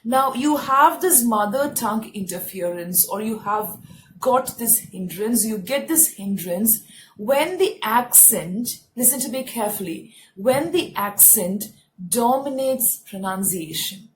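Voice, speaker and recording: A woman's voice: on the high side, animated, measured pace, slight background noise, poor audio. A woman with an Indian English accent giving a spoken English lesson to camera, explaining patiently and stressing key words. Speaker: English teacher.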